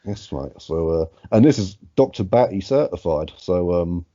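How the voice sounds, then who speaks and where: Low, dark, husky man co-hosting a casual podcast. Sweary and easygoing. Dry, dull sound. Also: animated, moderate pace, dry recording. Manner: sweary, laid-back, reads facts aloud. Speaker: podcast co-host.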